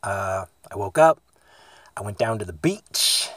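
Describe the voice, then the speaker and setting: A man's voice: on the low side, expressive, a little slow, a bit bright, no echo. A man from the US East Coast, telling a casual, rambling, profanity-laced story in a van-life vlog recorded on his phone inside a parked van. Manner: rambling, profane, laid-back.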